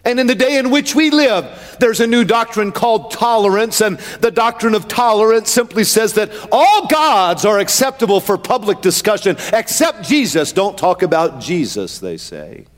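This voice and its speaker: A man's voice: high voice, animated, moderate pace, few pauses, in a large hall. A male preacher delivering a sermon with a rhythmic build that swells into a sing-song chant.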